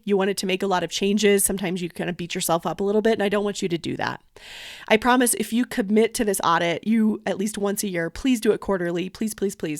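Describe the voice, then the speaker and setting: A woman's voice: medium pitch, dry recording, studio quality. A woman hosting a business podcast in a casual, encouraging way, speaking straight to her listeners. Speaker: podcast host and wedding venue owner. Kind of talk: casual solo podcast talk.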